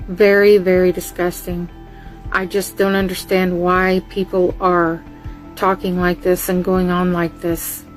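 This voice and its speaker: Slow-talking disgusted woman. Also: mid-range voice, poor audio. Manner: disgusted, scolding. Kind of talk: emotional reaction video.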